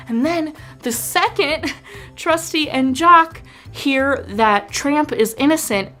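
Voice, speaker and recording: Young woman vlogging about movies, gushy and animated, faint music behind. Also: sits high. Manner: gushing, animated, quick asides. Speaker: vlogger reviewing films. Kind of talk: casual chat to camera.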